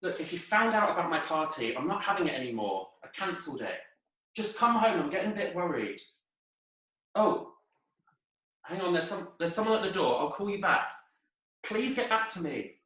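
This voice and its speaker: A man's voice: sits high, very animated, normal speed, pushed and bright, full character voice. A man playing a fretful teenage boy. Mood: worried. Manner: anxious and fretful. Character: worried teenage boy home alone. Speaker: improv performer. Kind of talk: live improv comedy. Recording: very echoey room over a video call.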